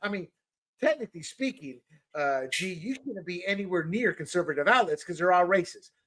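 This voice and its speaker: Man, high voice, middle-aged, political commentary, animated, repeats words. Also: fairly quick, slight background noise. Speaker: podcast co-host.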